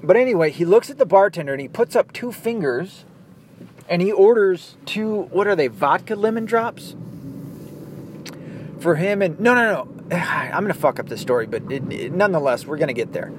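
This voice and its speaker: A man's voice: high voice, expressive, normal speed, slight background noise. A man hosting a podcast, ranting casually in a blunt, profane, opinionated way. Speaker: podcast host.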